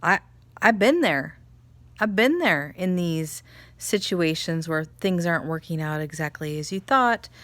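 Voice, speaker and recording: Brief: a mother vlogging slowly and warmly animated, in a dry room. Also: fairly low pitch, dry recording. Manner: animated storytelling, laughs often. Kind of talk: casual chat, spiritual reflection.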